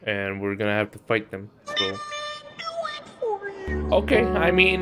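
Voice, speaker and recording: A man's voice: high voice, lively intonation, measured pace, pauses often, over music. A young man streaming a video game, chatting casually with profane jokes and frequent laughter. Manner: profane, joking, laughs often. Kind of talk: casual live gameplay commentary.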